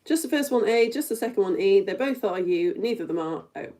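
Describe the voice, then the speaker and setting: A woman's voice: medium pitch, lively intonation, fast talker, warm tone. A middle-aged woman teaching an online all-ages lesson, running a quiz in a playful way that often breaks into a giggle and speaks straight to her viewers. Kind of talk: live-streamed quiz lesson.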